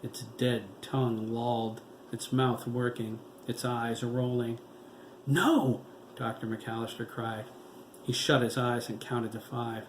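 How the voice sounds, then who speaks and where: A man reading his own horror novel aloud in a slow, dramatic storytelling manner. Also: medium pitch, completely flat delivery. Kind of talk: audiobook narration. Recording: echoey room with faint background noise.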